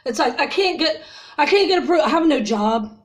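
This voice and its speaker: High-voiced woman ranting to viewers. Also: lively intonation, normal speed. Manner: agitated, ranting, addresses viewers as y'all. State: upset after crying. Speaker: vlogger. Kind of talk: emotional personal vent to viewers.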